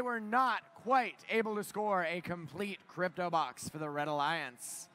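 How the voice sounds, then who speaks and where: A man giving live play-by-play commentary on a robotics competition, getting louder and higher at the big moments. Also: measured pace, few pauses, a little hiss or hum. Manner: excited play-by-play, climbs in pitch at big moments. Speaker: match commentator.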